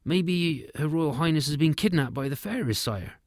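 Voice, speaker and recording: A man's voice: a little high, expressive, moderate pace, no room sound, studio quality, pitched above the performer's own voice. A man voicing a dutiful captain of the city guard, reporting formally and deferentially.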